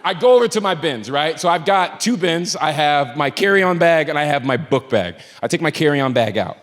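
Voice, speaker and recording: On a comedy club stage before a live audience, a male stand-up comedian tells a story, swinging from low mutters to shouted punchlines at an expressive, moderate pace. The live club recording has long reverb and crowd noise, with audience laughter in the background.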